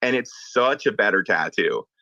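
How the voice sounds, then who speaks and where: Bright-voiced man telling stories casually. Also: lowish voice, moderate pace, creaky, dry recording, highs cut off. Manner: storytelling, animated, swears casually. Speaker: tattoo artist guest. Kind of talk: casual chat.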